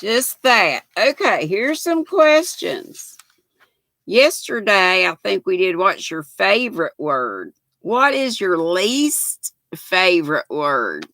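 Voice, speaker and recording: An older woman hosts a relaxed livestream, her voice gravelly with fry yet bright at the top, and she takes her time between words. She chats warmly with viewers, reads their comments, and keeps thanking them. The sound is close and dry. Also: medium pitch, slow, dry recording. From United States. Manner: chatty, thanks viewers often, laughs easily. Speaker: livestream host. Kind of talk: casual livestream chat reading comments.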